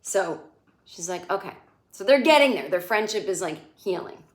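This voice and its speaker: A woman in her forties riffs on a TV episode in a loose, sarcastic stand-up manner, cursing freely and slipping into the characters' lines. Her voice sits at an ordinary middle pitch. The room around her rings with a noticeable echo. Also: animated, moderate pace. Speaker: comedian recapping a TV show. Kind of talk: casual comedic recap. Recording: echoey room.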